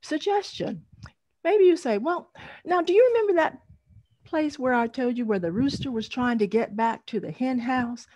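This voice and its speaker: A woman's voice: sits high, lively intonation, moderate pace, darkish tone. A middle-aged woman, leading an online storytelling workshop over a video call, encouraging and laughing often.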